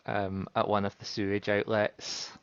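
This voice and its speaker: A man narrating his scene in a tabletop role-playing game, halting with many fillers. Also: fairly low pitch, completely flat delivery, clean tone, dry recording, dull audio. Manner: halting, filler-heavy storytelling. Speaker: player.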